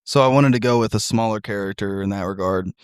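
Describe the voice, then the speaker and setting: A man's voice: fairly low pitch, fast talker, clear, resonant tone, no echo, studio quality. A young man hosting a casual podcast, swearing freely, stammering into restarts and laughing often. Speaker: podcast host.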